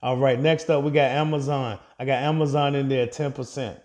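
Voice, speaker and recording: A man's voice: medium pitch, fairly even intonation, a little fast, darkish tone. A man vlogging a casual update on his investments, chatting directly to his viewers and laughing off his own slips.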